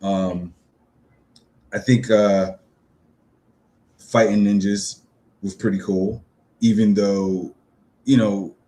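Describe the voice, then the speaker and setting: Low-voiced New man, chatty reviewer. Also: little pitch movement, slow pace, long pauses, mellow. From New York City. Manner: loose and chatty, lots of ums and uhs, upbeat. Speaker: movie reviewer. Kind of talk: casual spoken film review.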